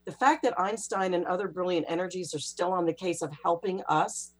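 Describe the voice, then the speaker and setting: A woman's voice: on the low side, fairly quick. A woman, a guest author, telling stories in a casual interview and acting out what others said. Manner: animated, acts out quoted voices.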